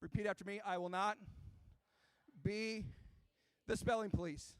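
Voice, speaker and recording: A middle-aged man with a high-set voice gives a youth ministry talk to young students. He tells an animated story and keeps turning to question the room. His voice sounds dry and close, with almost no room reflection. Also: a little slow, clean tone, no echo. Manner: animated storytelling, addressing the kids directly. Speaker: youth pastor. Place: church youth room before a live audience.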